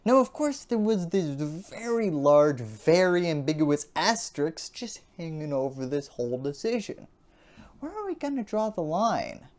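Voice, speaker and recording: Woman, low voice, very lively pitch, scripted explainer, sarcastic asides. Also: measured pace. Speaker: host.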